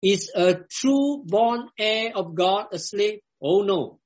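A man's voice: sits high, expressive, slow. A man preaching a sermon to his congregation, emphatic and given to repeating his questions.

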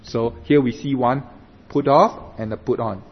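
Slow emphatic male pastor, echoing hall. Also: mid-range voice, steady tone, husky. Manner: slow and emphatic, often asks "right?". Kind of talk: sermon. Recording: dull recording with long hall reverb.

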